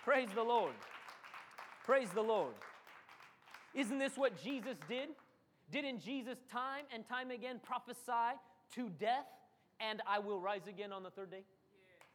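A man's voice: very high-pitched, measured pace, fairly bright tone, some chatter behind, a little hiss or hum. A man preaching a sermon as pastor, acting out quotes and calling for amens from the congregation. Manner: preaching with dramatic acted quotes and call-and-response.

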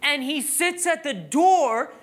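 Animated preacher telling a story. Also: high voice, slow pace, slight background noise. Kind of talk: sermon with personal story.

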